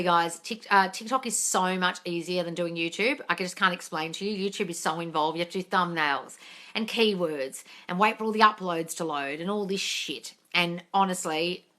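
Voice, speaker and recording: A woman's voice: lowish voice, bright, forceful tone. A woman coach chatting casually on a live phone stream, greeting viewers and swearing freely. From England. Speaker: manifesting coach.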